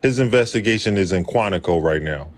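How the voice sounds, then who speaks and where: A man's voice: sits low, expressive, brisk. A man in a heated casual debate, speaking insistently and pressing pointed questions.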